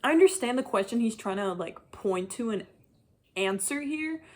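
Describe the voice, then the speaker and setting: A young adult woman giving a casual chapter-by-chapter book review, talking in an animated, frustrated rant full of "like". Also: a little high, moderate pace, slight background noise. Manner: animated, frustrated ranting, heavy use of "like". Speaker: book vlogger.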